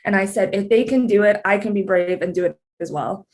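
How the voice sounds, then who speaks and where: A woman's voice: mid-range voice, fairly quick, a little mellow. A young Canadian woman with a Canadian accent, a guest on a casual podcast, talking openly and laughing often. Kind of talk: casual interview chat.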